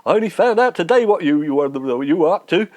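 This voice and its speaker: A man's voice: a little high, expressive, a little fast, a little mellow, close to an everyday voice. A man putting on a peevish, pompous Englishman who blusters indignantly in a comedy sketch.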